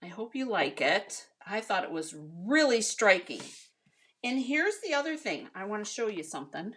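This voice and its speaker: A woman's voice: mid-range voice, sing-song, moderate pace, fairly bright tone. An American woman chatting casually with viewers as she demonstrates a card-making project, calling them "you guys" and "honey.". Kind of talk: casual craft tutorial.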